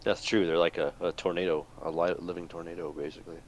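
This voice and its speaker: A man's voice: deep voice, little pitch movement, fast talker. A man playing a tabletop game, thinking aloud hesitantly and describing his character's actions. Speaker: player. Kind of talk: tabletop game play, casual chat.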